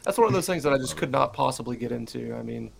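A man's voice: mid-range voice, lively intonation, fast talker, creaky, a little hiss or hum. A man hosting a sports fan podcast in casual chat. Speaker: podcast host.

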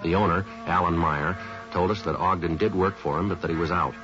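A man's voice: low-pitched, fairly even intonation, brisk, natural voice. An actor playing a terse police detective who narrates his case in a clipped, matter-of-fact way, in a 1950s radio crime drama. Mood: clipped report. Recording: lo-fi old radio recording with music.

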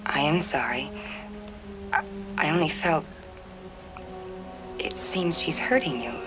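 An actress playing a gentle young woman who speaks hesitantly and apologetically, heard from an old film soundtrack with music. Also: low-pitched, expressive, takes it slowly. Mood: apologetic.

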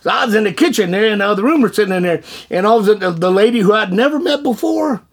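A man telling his testimony in an animated, folksy way, often laughing and repeating words. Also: sits high, very fast, hardly any pauses, husky. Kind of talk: animated storytelling.

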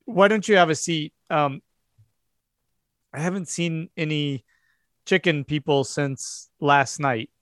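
A man voicing a curt, cool woman doctor in a tabletop game, speaking with measured, slightly awkward politeness. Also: fairly high pitch, fairly bright tone, dry recording, studio quality. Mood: polite. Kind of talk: tabletop role-play.

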